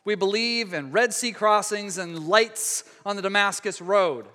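A man with a high, bright, ringing voice preaches a sermon, talking it through casually with many restarts. He swells for big moments and sinks to a near hush for quiet ones. A long reverb trails after him in a large hall. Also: a little slow. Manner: conversational preaching with frequent restarts, dramatic hushed drops. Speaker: pastor.

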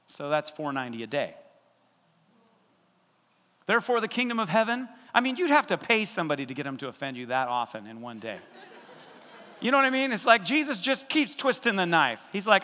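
A male pastor preaching a sermon in an animated, conversational way, acting out voices and adding asides. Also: sits high, brisk, pauses often, in a large hall.

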